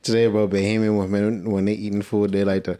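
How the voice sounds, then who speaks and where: A man's voice: lowish voice, flat delivery, quick pace, dark tone. A man co-hosting a casual podcast, talking in a laid-back way with short agreeing replies. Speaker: podcast co-host. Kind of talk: casual chat.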